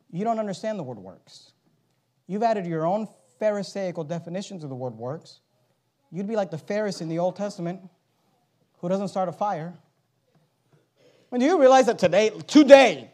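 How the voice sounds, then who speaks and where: A man preaches a sermon, reading scripture aloud and alternating between loud, emphatic exhortations and low, urgent asides.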